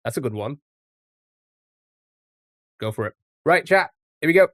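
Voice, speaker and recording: A somewhat high, fairly bright male voice comes across animated yet a little slow, in a dry studio-quality recording. Live-streaming a word game, he chats and jokes casually with his chat, replies to them, and swears now and then.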